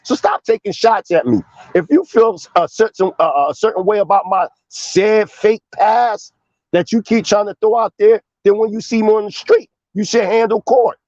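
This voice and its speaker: A high-pitched man argues in a heated debate, confrontational and emphatic, swearing as he presses each point. His voice comes through a little dull and lo-fi. The sound is dry and close. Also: normal speed, a little mellow, dry recording.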